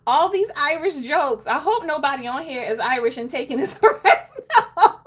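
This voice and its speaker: A woman vlogging casually to her viewers, expressive and exclaiming, who keeps breaking into laughter. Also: sits high, moderate pace. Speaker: planner vlogger. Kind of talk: casual chat to camera.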